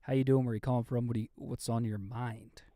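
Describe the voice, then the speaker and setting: A man's voice: medium pitch, level tone, fast, warm tone, dry recording, clean studio sound. A man hosting a late-night call-in stream, joking loosely and swearing freely, tired and losing steam. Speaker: host taking live calls.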